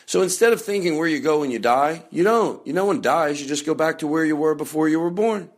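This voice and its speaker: A man's voice: a little high, brisk. Rambling, jokey comedian man hosting. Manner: loud jokey bursts of mock anger, frequent swearing; chatty, with many fillers and restarts. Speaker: podcast host.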